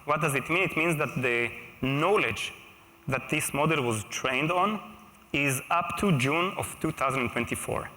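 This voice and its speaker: Bright-voiced man giving a conference keynote. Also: on the high side, a little slow. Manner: conversational, checks in with the audience. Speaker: keynote speaker. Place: stage at a large live conference. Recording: echoey large hall.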